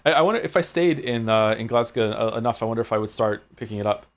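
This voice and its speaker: A man's voice: lowish voice, steady tone, fast. A man from Wales streaming a video game, chatting casually and reading dialogue aloud, with frequent stammering restarts.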